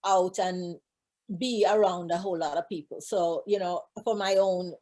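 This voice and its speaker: A woman's voice: lowish voice, fairly even intonation, normal speed, mellow. A woman recording artist chatting casually as an interview guest, talking freely with many fillers. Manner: chatty, frequent fillers and restarts. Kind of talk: casual conversation.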